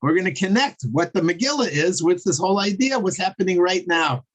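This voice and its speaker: A man's voice: high voice, expressive, fairly quick. Chatty man teaching an online class. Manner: chatty and digressive, chuckles while telling jokes. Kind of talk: casual online class lecture.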